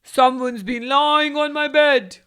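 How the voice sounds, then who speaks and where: A woman with an Indian English accent voicing a big gruff father bear who speaks in a loud, booming way. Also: a little slow. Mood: stern.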